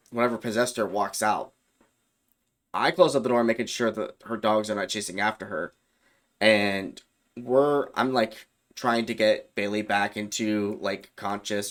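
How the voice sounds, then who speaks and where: A man's voice: fairly low pitch, a bit bright. A young man casually telling a personal story, loose and rambling, with fillers and self-corrections. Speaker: YouTube storyteller.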